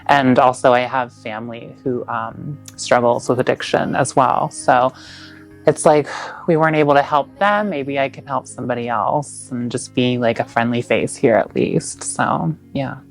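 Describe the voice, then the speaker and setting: A woman's voice: extremely low pitch, normal speed, faint music behind. A woman co-hosting a recovery podcast, chatting in a friendly, giggly, self-effacing way. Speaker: podcast co-host. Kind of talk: casual podcast chat.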